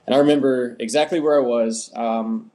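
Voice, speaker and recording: A young man from the United States, an interview guest, telling his story in a relaxed, rambling way with many fillers. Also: mid-range voice, normal speed. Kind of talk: casual storytelling.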